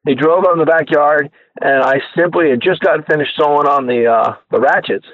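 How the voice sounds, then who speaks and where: A man telling his inventor story as a radio guest, animated and acting out the people he quotes, heard over a tinny phone line. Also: fairly high pitch, a little fast, no echo. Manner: animated storyteller who acts out quoted voices. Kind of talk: casual storytelling interview.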